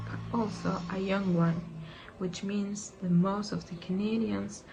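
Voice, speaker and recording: Slow, mellow woman explaining. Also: medium pitch, vocal fry, poor audio. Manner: measured, explanatory reading. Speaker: teacher. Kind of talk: scripted narration.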